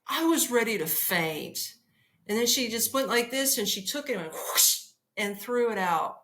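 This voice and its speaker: A woman hosting a podcast, telling a comic travel story in an animated, profane way and laughing as she goes. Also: a little high, a little slow. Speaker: podcast host.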